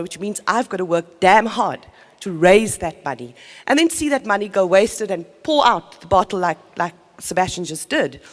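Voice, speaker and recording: Woman, development worker presenting at a conference; earnest, energetic, reverberant hall. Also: medium pitch. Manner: earnest, energetic, self-interrupting. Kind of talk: conference talk.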